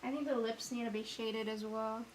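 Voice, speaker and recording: A woman vlogger chatting casually to herself as she paints, rambling and self-mocking as she thinks out loud. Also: a little high, fairly even intonation, moderate pace, slight background noise, low-quality recording.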